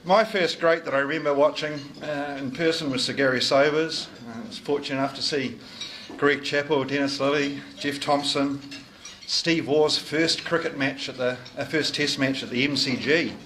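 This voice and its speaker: A man's voice: fairly high pitch, fairly even intonation, normal speed, fairly bright tone, a little hiss or hum. A middle-aged man, giving a jovial, teasing after-dinner speech as club sergeant at a lunch. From New Zealand. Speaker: club sergeant collecting fines. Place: dining room at a club lunch.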